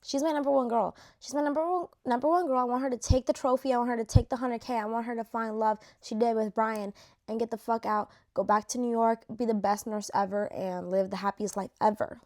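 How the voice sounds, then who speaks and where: A woman's voice: fairly high pitch, fairly even intonation, fairly quick, darkish tone. A young woman vlogging in casual chat, gushing and chatty, leaning on "like" and dropping swear words, her voice a little worn. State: losing her voice. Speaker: vlogger ranking reality show cast.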